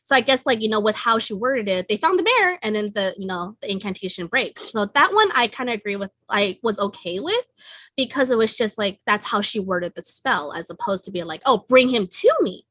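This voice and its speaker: A woman's voice: medium pitch, animated, brisk, sharp tone, no echo. A woman guest in a casual film review chat, chatty and opinionated with lots of "like". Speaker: podcast guest.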